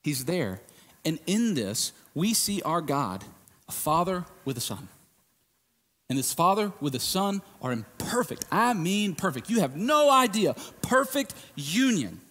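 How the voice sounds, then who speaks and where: A man preaching a sermon in a casual, emphatic way, swinging from hushed lines to shouted ones. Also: medium pitch, big pitch swings, moderate pace, big-room sound.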